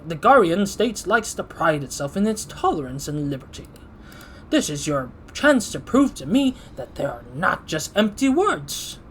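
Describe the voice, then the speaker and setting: A man voicing an old male country priest with a put-on country accent, speaking slowly and solemnly. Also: on the high side, a little hiss or hum.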